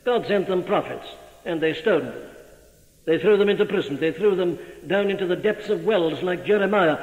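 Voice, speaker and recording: A man's voice: high-pitched, moderate pace, a little mellow. A male preacher giving an emphatic sermon, pressing the listener with rhetorical questions. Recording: dull old recording, long hall reverb.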